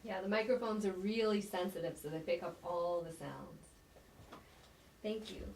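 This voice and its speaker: A woman with an ordinary mid-range voice gently guides her grandfather through his memories. Her questions are calm and patient. The room around her gives off a clear echo, and a faint hiss runs under it. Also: medium pitch, normal speed. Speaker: interviewer, the speaker's grandchild. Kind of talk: casual family interview.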